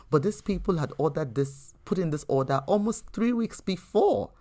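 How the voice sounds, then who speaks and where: A woman's voice: rumbling low, expressive, normal speed, mellow. A woman hosting a faith teaching podcast who talks earnestly and conversationally, telling personal stories with frequent restarts. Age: adult. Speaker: podcast host.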